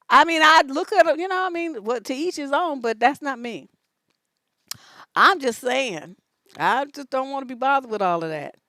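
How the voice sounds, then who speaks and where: A high-pitched woman coach talks through viewers' dating questions in a loose, joking livestream manner. She is blunt and swears freely. Her voice sits close to the mic in a dry, dead room. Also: a bit bright, dry recording. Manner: blunt and profane, joking, reads questions aloud. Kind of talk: casual livestream advice chat.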